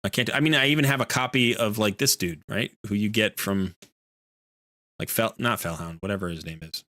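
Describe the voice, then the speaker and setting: A man's voice: on the low side, brisk, pushed and bright, no echo. A man hosting a live game stream, chatting casually and rambling with lots of fillers. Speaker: streamer host.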